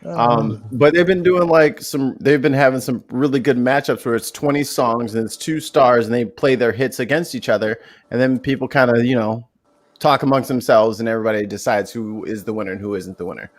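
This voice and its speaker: A man's voice: mid-range voice, a little fast. A man co-hosting a casual live-stream chat, telling stories in a slangy, laid-back way. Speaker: co-host.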